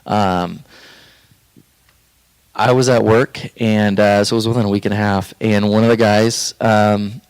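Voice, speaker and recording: Earnest smooth-voiced man telling his story. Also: fairly low pitch, fairly even intonation, unhurried, long pauses, darkish tone, dry recording. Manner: earnest and heartfelt, rambling with fillers and restarts. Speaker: podcast guest sharing his faith story. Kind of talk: casual personal storytelling.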